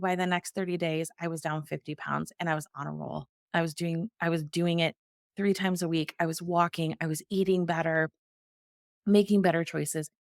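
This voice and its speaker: A woman's voice: fairly low pitch, no room sound, clean studio sound. A middle-aged woman, a guest in an interview, telling her personal story earnestly and acting out the dialogue she quotes.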